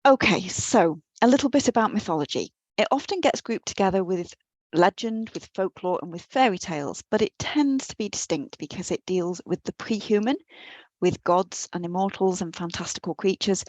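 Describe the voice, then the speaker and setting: A woman's voice: mid-range voice, normal speed, darkish tone, no room sound, low-quality recording. A woman lecturer giving a guest talk on mythology, earnest and a little self-deprecating, with some restarts, speaking into a computer mic. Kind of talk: academic lecture. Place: her office at home or work, on a computer.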